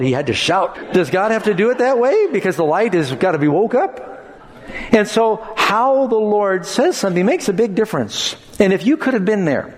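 A man preaching a sermon, expressive, acting out quoted lines in changing tones. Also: high-pitched. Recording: long hall reverb.

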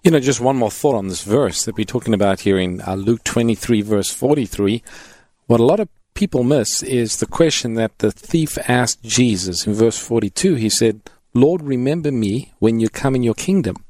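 A man co-hosting a Bible radio show, introducing callers and adding calm points. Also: mid-range voice, dry recording. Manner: measured, announcing. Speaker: radio co-host.

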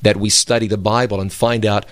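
A man's voice: lowish voice, flat delivery, fairly quick, a bit bright, no echo. A man co-hosting a religious radio talk program, explaining Bible passages step by step in an emphatic, conversational way.

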